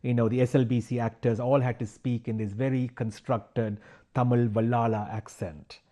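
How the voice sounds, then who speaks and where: A man's voice: mid-range voice, little pitch movement, moderate pace, warm tone. A man who studies ancient history and religion, talking it through thoughtfully in a TV discussion, with many restarts and fillers. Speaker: guest scholar. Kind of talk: casual discussion.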